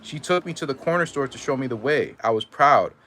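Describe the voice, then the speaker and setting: A man reading a first-person memoir aloud in a measured way, now and then stumbling and correcting himself. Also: mid-range voice, sharp tone, slight background noise. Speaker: reader.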